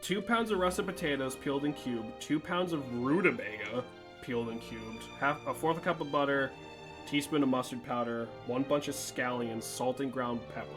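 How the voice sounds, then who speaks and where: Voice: mid-range voice, normal speed. Profane laughing game streamer. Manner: profane, laughs a lot, reads game text aloud. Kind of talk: casual let's-play banter. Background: game music.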